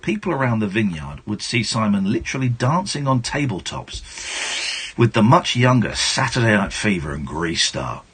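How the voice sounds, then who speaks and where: Husky-voiced radio host, animated. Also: male voice, fairly low pitch, moderate pace. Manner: reads a book aloud with playful asides and mock outbursts. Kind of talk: late-night radio reading and chat. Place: radio studio. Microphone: studio microphone.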